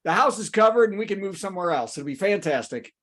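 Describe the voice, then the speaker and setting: Joking man with lively pitch. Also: fast, crowd noise. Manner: joking, teasing remarks. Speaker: show host. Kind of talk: casual banter between comedians. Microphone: video call.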